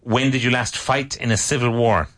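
A man's voice: medium pitch, fairly even intonation, normal speed, fairly bright tone. A man teaching an English conversation class, asking drill questions and patiently correcting and praising his students.

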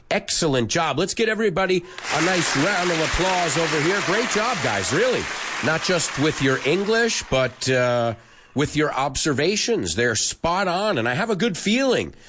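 A man's voice: medium pitch, fairly bright tone. A man teaching English who is sick with a cold, reading out learner comments, correcting mistakes and switching between English and Spanish. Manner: spells out words letter by letter slowly. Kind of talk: live English lesson reading out listener comments.

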